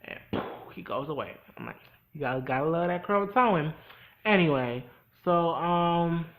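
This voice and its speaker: A young man chats through a TV episode recap with a bright, fairly high voice. He is loose and gossipy, tossing in sassy asides as he goes. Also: lively intonation, measured pace, rough recording. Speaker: host.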